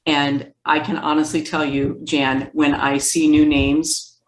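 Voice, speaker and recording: Brief: low-pitched woman guest, lively anecdotal delivery, echoey room. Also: slow pace. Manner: lively storytelling, acts out quoted speech. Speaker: guest therapist. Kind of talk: conversational interview.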